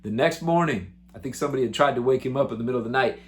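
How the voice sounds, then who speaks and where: A male musician hosting his own show, telling road stories to the camera in an excitable, animated, chatty way. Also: medium pitch, very fast. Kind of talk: casual storytelling to camera.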